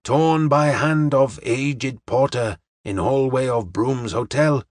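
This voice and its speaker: A man voicing a polite, formal detective in an audiobook, speaking in measured, clipped phrases. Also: medium pitch, dry recording, clean studio sound. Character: polite, formal middle-aged male detective. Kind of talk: audiobook character reading.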